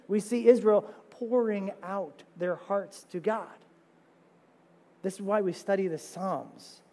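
A man preaching a sermon as pastor, animated, firing off rhetorical questions with sudden loud high exclamations. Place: church sanctuary. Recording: long reverb of a church sanctuary.

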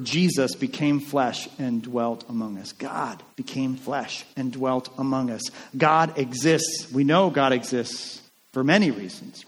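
A man preaching a sermon in a casual, animated way, acting out the lines of the people in the story. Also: mid-range voice, big-room sound. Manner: conversational and animated, acting out quotes. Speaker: pastor.

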